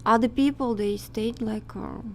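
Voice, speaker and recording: A woman guest in a casual conversation, speaking halting, hesitant English that is not her first language. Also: on the high side, fairly even intonation, a little hiss or hum.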